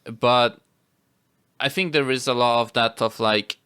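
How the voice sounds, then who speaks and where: A man's voice: mid-range voice, a little slow, bright, forceful tone, clear, resonant tone, no echo, clean studio sound. A man co-hosting a podcast, chatting easily about films with a hesitant, filler-heavy way of talking. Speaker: podcast co-host. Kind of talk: casual film review chat.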